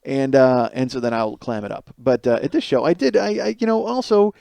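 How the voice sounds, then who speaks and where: A man's voice: medium pitch, animated, fairly quick, creaky, warm tone, clear, resonant tone, no room sound. A man in his thirties hosting a solo comedic monologue, telling a rambling, profane story and laughing between lines. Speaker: podcast host.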